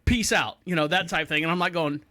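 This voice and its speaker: Here the podcast host, a man in his forties, talks quickly in a voice on the high side. The sound is clean studio audio without room noise as he animatedly recounts stories in casual chat, acting out those he quotes.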